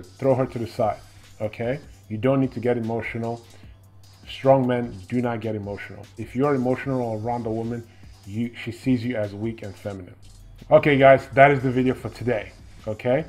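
A man's voice: medium pitch, darkish tone. A man with a mid-range voice delivers a firm, instructive advice monologue straight to the camera. He keeps checking in with short tags like "okay?" and "right?". Faint music plays behind him. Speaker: dating advice vlogger.

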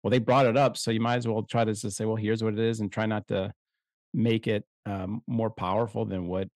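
A middle-aged man co-hosts a casual podcast, thinking aloud slowly and restarting his sentences often. His voice sits low. The recording is dry and close, as from a podcast mic in a small quiet room. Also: little pitch movement, no echo. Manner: reflective, halting, many restarts. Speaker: podcast co-host.

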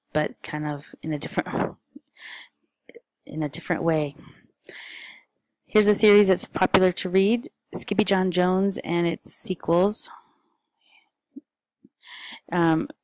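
A woman with a deep, slightly creaky voice talks casually through picture book recommendations, filling pauses with ums and uhs. Her delivery stays flat and even, with little rise and fall. The recording is close and dry, with no room sound. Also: no room sound, poor audio. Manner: chatty and informal, with frequent fillers. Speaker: parent.

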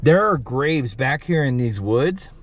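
Guy doing a paranormal vlog, hushed halting talk, bit of noise behind. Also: mid-range voice, animated, highs cut off. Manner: hushed, halting, emotional musing. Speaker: paranormal vlogger host. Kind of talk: casual ghost-hunting vlog commentary. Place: outdoors and in a car at a cemetery.

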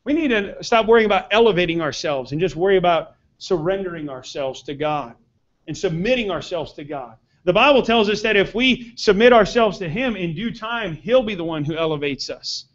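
Earnest high-voiced man preaching a sermon. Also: animated, a little fast, highs cut off. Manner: earnest preaching, rising emphasis on key points. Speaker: pastor. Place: church sanctuary.

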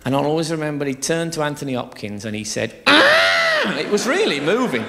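Crude stand-up man, lively pitch. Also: fast talker. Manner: crude, chatty, teasing the audience. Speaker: stand-up comedian. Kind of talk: live stand-up routine. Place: theatre stage. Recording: live show with audience laughter.

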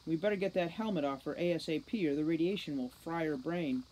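A woman's voice: low-pitched, fast talker, warm tone, a little hiss or hum, lightly acted, poor audio. A woman voicing a smug, wisecracking male centaur technician with a flippant, sarcastic manner.

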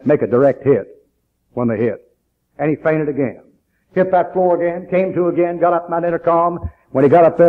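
A man preaching a sermon, emphatic, telling a story and dropping to low asides. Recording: tinny phone-like old recording.

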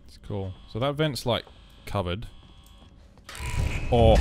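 A man's voice: lowish voice, animated, slow, pauses often, mellow, faint music behind. An Australian man streaming a horror game, nervous and jittery, swearing a lot and joking through his fear. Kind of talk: live-streamed horror gameplay commentary.

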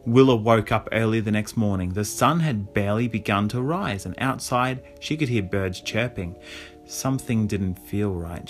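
Expressive male audiobook narrator. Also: fairly low pitch. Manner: expressive storytelling, dramatic pauses. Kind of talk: audiobook reading.

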